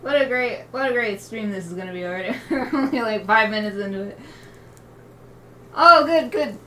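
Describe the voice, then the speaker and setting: A woman with a slightly high voice and moderate pace live-streams her drawing, with slight background noise. She explains each coloring step to viewers in a casual, upbeat chat, welcoming them warmly and laughing frequently.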